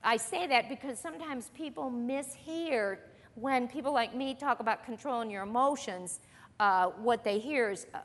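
In a church meeting room full of listeners, a woman with a voice on the high side teaches a Bible lesson at a moderate pace. She sounds earnest and conversational and poses questions to the group, and the audio has the long reverb of a hall.

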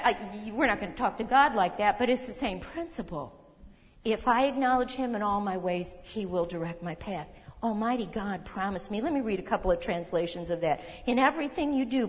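A woman preaching a sermon in a conversational, emphatic way, with quick asides and self-corrections. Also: mid-range voice. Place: church hall. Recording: long hall reverb.

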